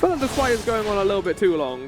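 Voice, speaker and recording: A man's voice: sits high, big pitch swings, very fast, over music. A young man casually commenting on his gameplay, joking and swearing freely. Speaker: streamer.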